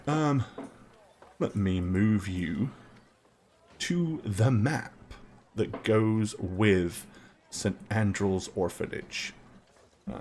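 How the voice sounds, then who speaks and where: A man's voice: on the low side, a little hiss or hum. A man narrating a tabletop game as game master, rambling through scene descriptions with lots of ums.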